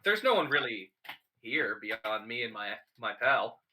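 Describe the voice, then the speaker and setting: A man's voice: mid-range voice, very animated, unhurried, pushed and bright. A man playing in a tabletop game, speaking hesitantly with trailing fillers. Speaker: player. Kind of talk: casual tabletop play.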